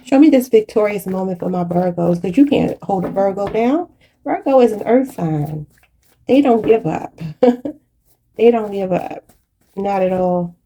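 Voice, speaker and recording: A woman's voice: medium pitch, lively intonation, unhurried, mellow, slight background noise. A woman giving a channeled tarot reading in a preachy, spiritual way, often calling her viewers "y'all". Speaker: tarot reader.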